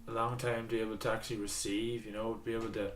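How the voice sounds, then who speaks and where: A man's voice: lowish voice, little pitch movement, fast, a little hiss or hum. A man with an Irish accent, hosting a casual podcast conversation, reflective and searching for his words. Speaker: podcast host. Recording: echoey room, distant from the mic.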